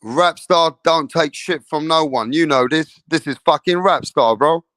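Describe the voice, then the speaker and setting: Man, boxing stream host, casual and profane, shout-outs to chat, higher pitch, dry close sound. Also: measured pace, no room sound. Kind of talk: casual livestream chat reading comments.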